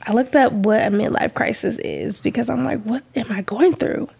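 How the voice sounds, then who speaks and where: A woman's voice: fairly high pitch, normal speed, creaky, a little mellow, slightly rough. A woman in her thirties co-hosting a podcast, talking bluntly and profanely and laughing often. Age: 30s. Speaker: podcast co-host. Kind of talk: casual chat.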